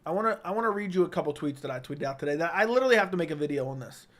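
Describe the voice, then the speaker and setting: Blunt, high-voiced man hosting a stream. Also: animated, fairly bright tone. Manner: blunt, opinionated, quick verdicts. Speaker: livestream host reading viewer comments. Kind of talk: casual livestream chat. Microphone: studio microphone.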